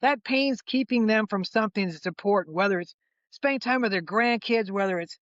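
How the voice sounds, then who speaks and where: A man in his sixties, a chiropractor guest, telling a patient story in lively conversational style. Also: sits high, a little fast, no echo, muffled recording. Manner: animated storyteller, acts out quoted voices, frequent restarts.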